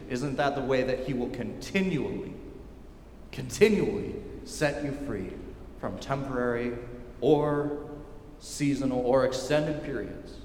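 A male pastor preaching a sermon emphatically and with repetition, often dropping to a quiet intensity. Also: medium pitch, a little hiss or hum. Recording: echoey hall with long reverb.

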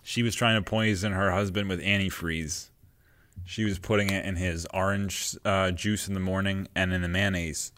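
A very low-voiced man co-hosts a casual podcast. He drops in dry, crude jokes and asides, and tells his own stories in a relaxed, conversational way. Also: normal speed. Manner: dry, joking, profane asides. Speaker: podcast co-host.

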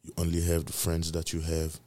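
A man with a very low voice hosts his own podcast, rambling in a loose, profane monologue. He preaches and repeats his points for emphasis, going loud on some phrases and quiet on others. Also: completely flat delivery, a little fast. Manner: repetitive emphatic delivery, swinging loud and soft. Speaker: podcast host. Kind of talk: casual solo podcast monologue.

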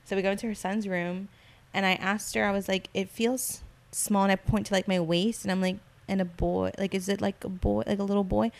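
A woman in casual chat, telling stories in a slangy, animated way and acting out the voices of the people she quotes. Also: mid-range voice, fairly quick, vocal fry.

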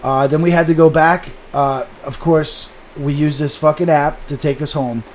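A man's voice: on the high side, fairly even intonation, normal speed, a little mellow, a little hiss or hum. A man telling a long story in a casual podcast chat, swearing often and animatedly acting out what people said.

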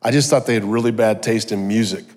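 A middle-aged man giving a personal testimony sermon, telling his story with animated energy and joking asides. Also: lowish voice, quick pace, heavy background noise. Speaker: guest speaker. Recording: long hall reverb.

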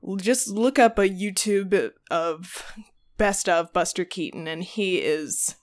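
A woman's voice: on the low side, takes it slowly. A young adult woman telling a story in casual chat, rambling with many ums and restarts, laughing and swearing as she goes. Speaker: podcast co-host.

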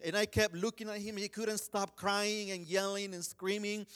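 A man preaching a sermon, telling a personal story in an earnest way, often restarting and saying "you know", swinging between urgent pleas and hushed quiet. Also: high-pitched, flat delivery, normal speed, hardly any pauses, smooth.

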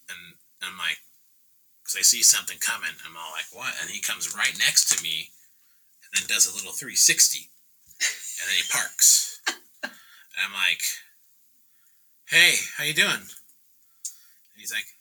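A man's voice: on the low side, pushed and bright, slightly rough, low-quality recording. A man in a casual chat, telling stories in a laid-back way, laughing and acting out what people said. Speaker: painter guest.

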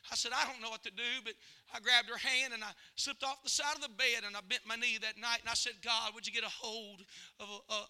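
Middle-aged male pastor, very high and piercing tone, storytelling sermon that swings from loud calls to hushed memories. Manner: storytelling preacher, swings between loud exhortation and hushed recollection.

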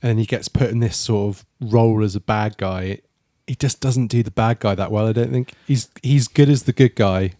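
A man's voice: on the low side, normal speed, hardly any pauses, mellow, no echo, studio quality. A man chatting casually as a podcast co-host reviewing a film, rambling and restarting his sentences.

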